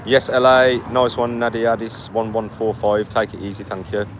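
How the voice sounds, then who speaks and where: A man talks to his live chat while out on a long walk, worn out and answering in a blunt, mocking way. His voice sits a little low, and faint street and traffic noise runs behind him. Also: level tone. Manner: blunt, mocking, quick retorts. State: tired from walking. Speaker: vlogger reading live chat. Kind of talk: casual live-stream chat.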